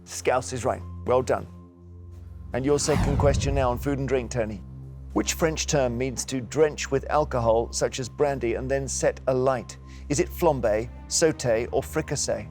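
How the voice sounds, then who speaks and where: A man's voice: medium pitch, unhurried, darkish tone, faint music behind. A man hosting a quiz show in a TV studio, upbeat and teasing as he reads out questions.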